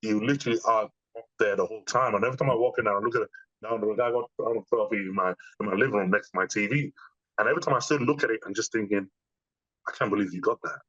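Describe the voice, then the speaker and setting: Racing along in a fairly low voice, a man appears as an interviewed bodybuilder guest, telling stories casually with an animated manner and many restarts. The recording has no echo and its highs are cut off.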